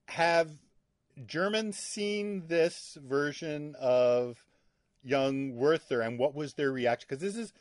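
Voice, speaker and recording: Higher-voiced man interviewer, dry sound. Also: no room sound. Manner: curious, casual, playful. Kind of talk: interview questions.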